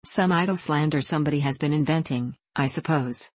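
A woman's voice: low voice, a little fast, husky, no echo. Woman reading as a firm, loyal young woman. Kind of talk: audiobook dialogue reading.

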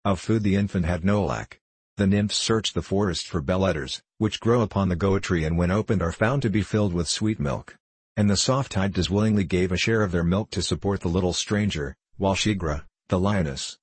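A man narrating a storybook in a measured, calm reading. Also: low voice, breathy edge, no room sound. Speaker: audiobook narrator.

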